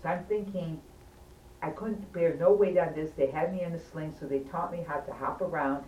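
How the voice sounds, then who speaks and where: A woman's voice: low voice, fairly even intonation, normal speed, mellow, recorded from a distance. A woman telling a patient's story in casual talk, emphatic and insistent, always urging the listener to hear her out. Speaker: patient recounting a hospital stay. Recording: echoey room, voice from afar, faint noise.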